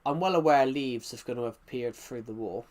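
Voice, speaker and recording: A man with a thick regional accent, chatting on a live game stream in a rambling, halting way with many restarts. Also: medium pitch, a little mellow, slight background noise. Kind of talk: live-stream chat while gaming.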